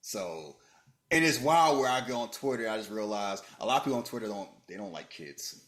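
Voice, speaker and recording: A podcast host chatting about movies with a bouncy, wide-ranging voice. He jokes freely and swings from loud outbursts to low asides. The sound carries a roomy echo. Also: brisk. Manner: animated, joking, swings between loud bursts and low muttering. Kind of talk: casual movie chat.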